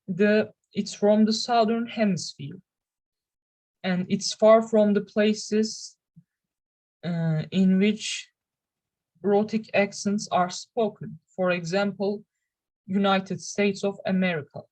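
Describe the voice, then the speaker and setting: Young woman, Turkish native speaker, student presenter; slow, careful, stop-start delivery. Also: medium pitch, fairly even intonation, a little mellow, poor audio. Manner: careful, halting delivery with restarts. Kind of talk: reading a class presentation.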